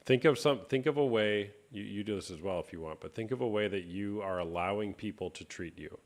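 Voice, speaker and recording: Deep-voiced guy hosting a livestream, calm and reflective like a coach. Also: brisk. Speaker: host. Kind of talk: live stream chat.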